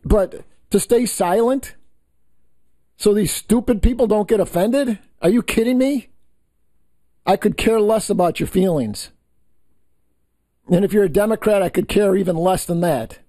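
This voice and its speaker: A man's voice: high-pitched, measured pace, long pauses, warm tone, dry recording. A man hosting a political talk show, ranting heatedly and scornfully, often tripping over and repeating his words. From New York State. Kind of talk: political commentary rant.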